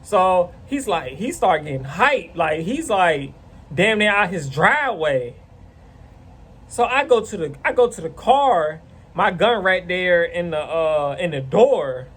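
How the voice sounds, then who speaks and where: Guy with a high voice doing a story time vlog, swears a lot, rambles. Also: slow, husky. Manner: rambling, profane, animated retelling. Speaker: vlogger telling a story.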